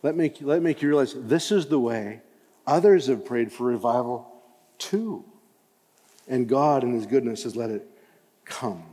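A man's voice: medium pitch, normal speed, long pauses, breathy edge. Impassioned male preacher in reverberant hall. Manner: impassioned, rising to loud emphatic cries. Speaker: pastor. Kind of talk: sermon.

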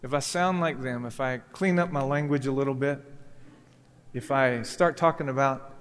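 A man's voice: medium pitch, moderate pace. A male pastor preaching a sermon, telling a parable and voicing its characters as he goes. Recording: long reverb of a church hall.

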